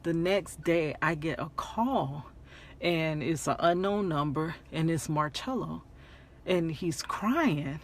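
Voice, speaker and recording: A woman vlogger telling a personal story in a casual storytime way, animated, laughing often and repeating phrases for emphasis. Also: deep voice, takes it slowly.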